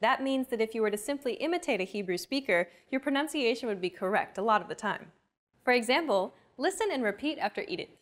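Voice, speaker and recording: A woman's voice: on the high side, expressive, quick pace. Woman hosting a scripted language lesson. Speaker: lesson host.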